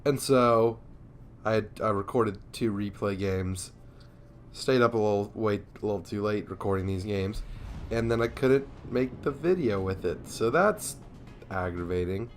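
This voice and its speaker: A man's voice: fairly low pitch, a little slow, a little hiss or hum. A young man giving casual, rambling commentary over a naval war game, sleepy and yawning, joking at himself. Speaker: gameplay commentator.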